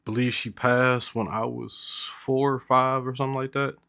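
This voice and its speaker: A man's voice: mid-range voice, little pitch movement, normal speed, creaky, pushed and bright. A man co-hosting a podcast in a laid-back casual chat, often using filler phrases. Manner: laid-back, uses frequent verbal fillers. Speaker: podcast co-host.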